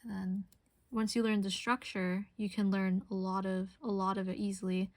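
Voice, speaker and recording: A woman's voice: mid-range voice, flat delivery, moderate pace, dry recording. A young woman streamer chatting casually and rambling while she crafts, answering her chat.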